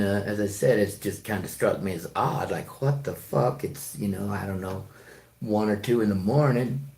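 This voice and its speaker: A man's voice: medium pitch, darkish tone. A man who drives trucks, talking in a rambling, profane monologue full of fillers and restarts. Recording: echoey room.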